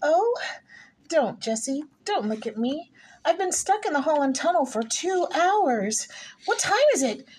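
A woman's voice: high-pitched, sing-song, measured pace, darkish tone. A woman playing a nervous, flustered married suburban woman, chattering breathlessly in a rehearsed stage play reading. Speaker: actor in a rehearsal.

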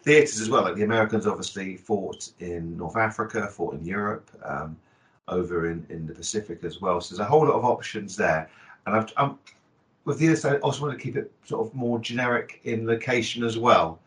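A man's voice: fairly low pitch, fairly quick. A man co-hosting a hobby podcast, chatty and jokey, often correcting himself mid-sentence. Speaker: podcast co-host. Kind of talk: casual chat.

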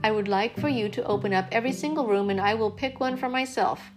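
Woman doing a fussy man, indignant motel guest, loud complaints, storybook reading. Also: fairly high pitch, quick pace, music in the background, close to an everyday voice. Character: fussy, demanding adult male motel guest.

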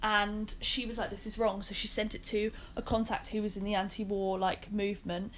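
A woman's voice: mid-range voice, flat delivery, moderate pace, fairly bright tone, a little hiss or hum. A young Englishwoman co-hosting a podcast, chatting and explaining things at length with lots of "like" and "um". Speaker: podcast co-host. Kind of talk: casual chat.

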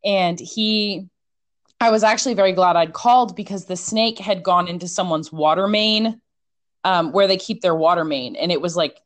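A woman telling a story in a casual chat, animated and chatty, with many fillers. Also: fairly low pitch, moderate pace.

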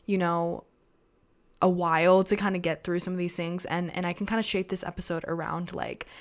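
A woman's voice: fairly low pitch, steady tone, a little fast. Chatty teenage girl podcast host. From America. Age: teens. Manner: chatty, filler-heavy, rambling. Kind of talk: casual solo podcast chat.

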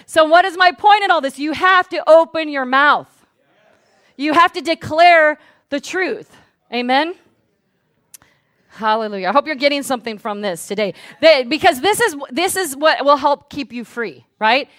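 Woman pastor preaching, high voice, gets loud and fired up, dry close sound. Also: moderate pace, no room sound. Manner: animated preaching that swings from hushed asides to loud declarations; speaks in tongues at full volume. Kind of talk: sermon.

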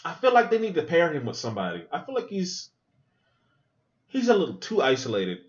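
Animated man reacting to a movie. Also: fairly high pitch, a little fast, highs cut off. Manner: animated, profane, thinks aloud with asides. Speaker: podcast host watching a movie. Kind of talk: casual movie reaction commentary.

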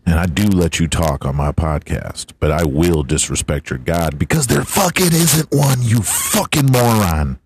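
A man's voice: deep voice, animated, moderate pace, hardly any pauses, background noise. A man hosting a podcast, ranting bluntly and swearing constantly in a comedic tirade. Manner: foul-mouthed, blunt, ranting. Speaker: podcast host. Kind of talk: profane comedic rant.

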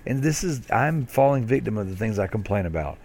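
Low-voiced man gushing casually. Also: a little fast. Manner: excitable, peppers talk with "dude" and "like". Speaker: podcast co-host. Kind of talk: casual gaming chat.

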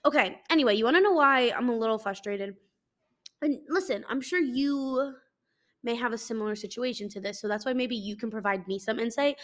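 A woman's voice: a little high, fairly quick. A young adult woman hosting a solo podcast, ranting in a blunt, profane and self-mocking way. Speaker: podcast host. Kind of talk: casual solo podcast chat.

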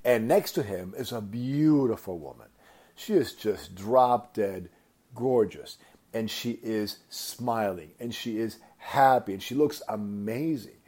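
A man, a company founder, telling a motivational story with emphatic, animated delivery and frequent repetition. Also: lowish voice, takes it slowly.

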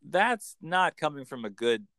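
A man, a coach explaining in an enthusiastic conversational interview with quick acted examples. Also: a little high, very animated, fairly bright tone, dry recording. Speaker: accent coach.

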